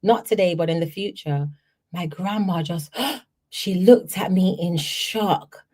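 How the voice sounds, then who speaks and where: A woman from Jamaica, a podcast host telling personal stories in an animated way, often checking in with the listener. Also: fairly low pitch, takes it slowly. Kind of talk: personal storytelling.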